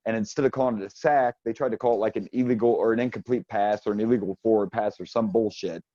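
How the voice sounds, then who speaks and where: A man's voice: lowish voice, fairly even intonation, fast, mellow, no room sound. Blunt swearing man, casual sports chat, dry close sound, dull lo-fi recording. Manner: blunt, swears freely, laughs often. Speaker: podcast co-host.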